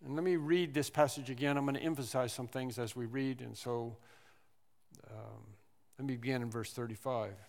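A man preaching a sermon, animated, repeating phrases and acting out the people in the story. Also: mid-range voice, moderate pace, gravelly. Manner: animated preaching with repetitions and acted-out quotes. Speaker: pastor. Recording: long hall reverb.

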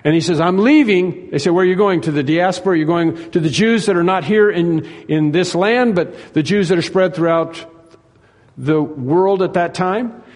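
A man's voice: sits high, normal speed, darkish tone, big-room sound. A man preaching a sermon in an earnest, repetitive way, acting out the dialogue he tells.

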